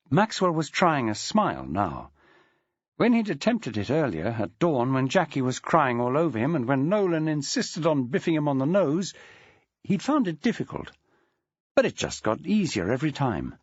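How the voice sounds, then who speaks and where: A man's voice: on the high side, very animated, normal speed, no room sound, muffled recording. A man narrating an audiobook in a dry, wry storytelling manner. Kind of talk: scripted narration.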